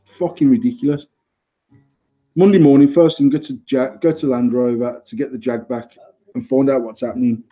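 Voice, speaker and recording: Sweary British man ranting, husky voice. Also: mid-range voice, moderate pace, faint music behind. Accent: British English. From United Kingdom. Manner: heated, sweary, animated storytelling. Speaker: podcast host. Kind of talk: casual chat, ranting anecdote. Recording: slightly muffled lo-fi recording.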